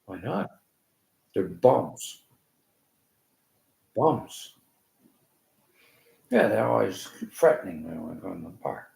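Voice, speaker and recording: A man speaks in a low, heavily gravelly voice that swings widely in pitch. He rambles through a personal monologue, halting and emotional, and often sinks to a near-whisper. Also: very animated.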